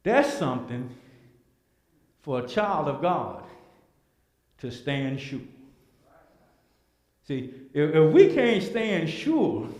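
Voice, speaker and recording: A man's voice: fairly high pitch, darkish tone. A man teaching a church Bible class, preaching with emphatic repetition and rhetorical questions. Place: church hall. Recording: echoey church hall.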